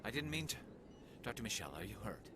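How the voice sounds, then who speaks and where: A gruff alien sharpshooter. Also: male voice, lowish voice, big pitch swings, fast talker. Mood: concerned. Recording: game audio under noise.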